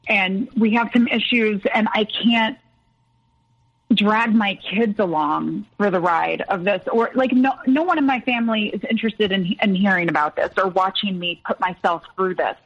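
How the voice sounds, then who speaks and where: A woman guest recounting a personal story in a hesitant, halting way. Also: medium pitch, husky, dull audio. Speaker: podcast guest.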